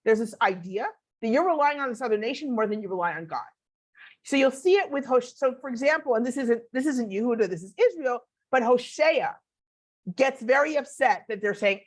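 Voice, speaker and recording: A woman's voice: fairly high pitch, expressive, moderate pace. A woman teaching a Bible class online, explaining in a conversational way and answering questions as she thinks aloud.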